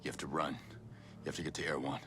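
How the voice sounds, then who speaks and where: An actor playing a gruff soldier in a video game who gives urgent orders, heard from afar with music behind him. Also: male voice, a bass voice, fairly even intonation, rapid-fire. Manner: urgent, commanding.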